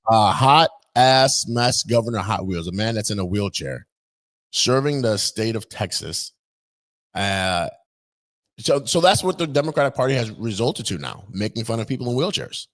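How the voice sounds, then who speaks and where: A man's voice: lowish voice, expressive, normal speed, a bit bright. A man hosting an opinion vlog, talking in an indignant, mocking, rambling way. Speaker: political commentator host.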